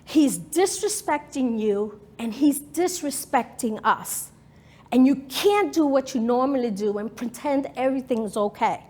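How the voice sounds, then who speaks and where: A woman's voice: high-pitched, expressive, unhurried, mellow. A woman voicing her upset young adult daughter, who talks urgently and pleads with her mother.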